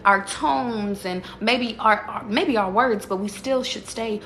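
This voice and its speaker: A woman's voice: mid-range voice, takes it slowly, a bit bright, roomy sound, slight background noise. A woman who reads tarot, giving a casual livestream pep talk to her viewers. She talks profanely and emphatically and keeps asking rhetorical questions. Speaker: tarot reader.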